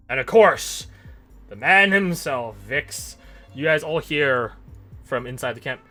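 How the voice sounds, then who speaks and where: A man running a tabletop game as game master, narrating in a lively, jokey way. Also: mid-range voice, measured pace, soft background music.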